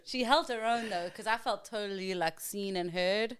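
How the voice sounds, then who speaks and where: A young woman with a South African accent, guesting on a podcast in casual chat, full of likes and restarts and quick to laugh. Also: a little high, a bit bright, smooth. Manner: chatty, many likes and restarts, laughs easily.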